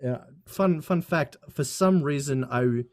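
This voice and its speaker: A young man guesting on a podcast, chatting casually and joking, quick to laugh. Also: fairly high pitch, a little mellow. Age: young adult. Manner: laid-back, joking, laughs easily. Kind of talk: casual comedic chat.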